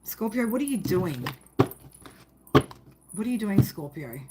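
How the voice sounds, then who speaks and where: A woman's voice: medium pitch, big pitch swings, a little slow, heavy background noise. A woman giving a casual spoken tarot reading, rambling and emphatic, swearing freely and often tagging her sentences with "right?". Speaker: tarot reader.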